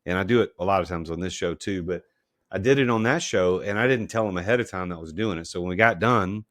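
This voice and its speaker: Male podcast host, low voice, very dry close sound, chatty and animated storyteller. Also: fast, no room sound. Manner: animated, laughing anecdotes. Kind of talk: casual conversational storytelling.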